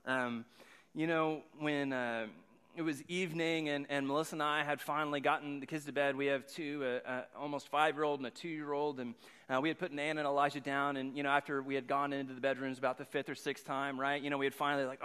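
A man's voice: fairly high pitch, a bit bright, clean tone. A man in his thirties, a pastor giving a sermon with a rambling personal story, often repeating his words. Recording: long hall reverb.

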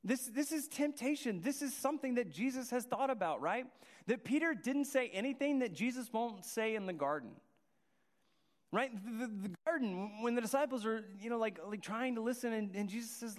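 A man's voice: very high voice, lively intonation, normal speed. A man preaching a sermon, earnest and restarting his phrases as he goes. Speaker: pastor. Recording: long hall reverb.

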